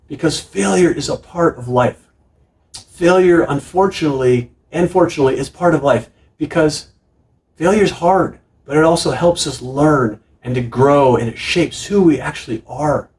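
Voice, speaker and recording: A man's voice: a little high, moderate pace, darkish tone. A middle-aged man preaching a sermon as pastor, earnest and emphatic, with frequent restarts. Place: church sanctuary. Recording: distant room mic in a church.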